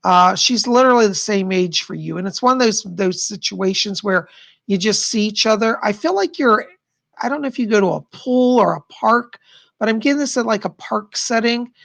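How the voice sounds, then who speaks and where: A man's voice: sits high, normal speed, vocal fry, a bit bright. A man hosting a live stream of psychic readings, chatty and rambling, who keeps repeating what the spirits say. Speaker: psychic livestream host.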